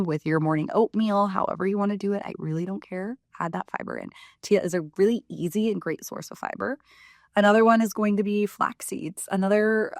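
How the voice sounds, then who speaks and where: A woman's voice: mid-range voice, no echo, clean studio sound. A woman health practitioner giving a frank, casual talk to camera about women's health. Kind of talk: direct-to-camera health teaching.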